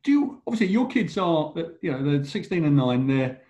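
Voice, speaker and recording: English male interviewer, fairly high voice, slow careful questions, dull lo-fi sound. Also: sing-song, warm tone. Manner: measured, thoughtful questioning.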